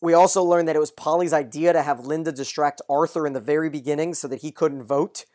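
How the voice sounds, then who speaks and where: A podcast host who reads listener mail and recaps a TV episode in a brisk, steady run of summary. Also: mid-range voice.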